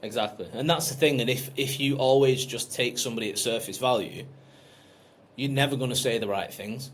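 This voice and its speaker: Blunt, swearing coach. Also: male voice, mid-range voice, fairly quick. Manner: blunt, frequent swearing, emphatic. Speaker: business coach. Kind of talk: casual coaching call.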